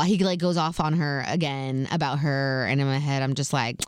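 A woman's voice: a bass voice, fairly even intonation, moderate pace, smooth, dry recording, clean studio sound. A young woman in a casual storytime vlog, retelling events in a chatty, slangy way full of asides. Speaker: vlogger.

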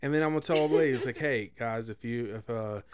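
A man's voice: mid-range voice, fast, a little hiss or hum. A man hosting a podcast in casual chat, boastful, crude and rambling. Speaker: podcast host and wedding officiant.

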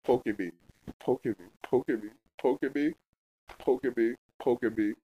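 A young man hosting his own casual solo podcast, rambling in heavy slang and profanity with lots of fillers, and getting loud and high when a story heats up. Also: moderate pace, breathy edge, lo-fi sound. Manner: gets loud and high-pitched when telling a heated story. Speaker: podcast host.

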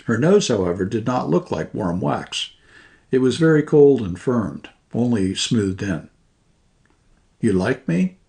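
Man, audiobook narrator, short story, measured, dry, gravelly. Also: mid-range voice, big pitch swings, darkish tone.

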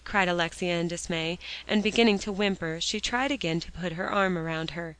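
A woman narrating a classic children's storybook aloud in a steady, even reading voice. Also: on the low side, a little fast, hardly any pauses, no echo, low-quality recording. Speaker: audiobook reader.

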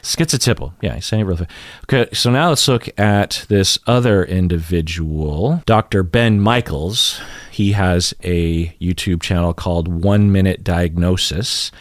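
A man with a fairly low voice talks through a casual explainer, thinking out loud and circling back to repeat himself. He chuckles at his own fumbles. The sound is close and dry, with no room in it. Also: a little slow, no echo. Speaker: YouTube host explaining pronunciation.

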